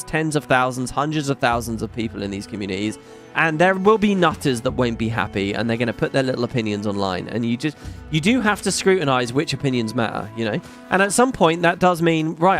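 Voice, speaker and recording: A man streaming a video game, ranting casually and swearing freely. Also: medium pitch. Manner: ranting, profane, animated. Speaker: gaming streamer. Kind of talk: casual gameplay commentary.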